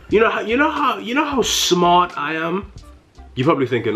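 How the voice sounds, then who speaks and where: A young man with a London accent delivers a mock-furious comic rant, his pitch leaping up and down as he repeats every point. He stammers, restarts and laughs at his own lines. A faint beat plays behind him. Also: very animated, normal speed, fairly bright tone, faint music behind. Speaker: comedy vlogger. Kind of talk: satirical rant to camera.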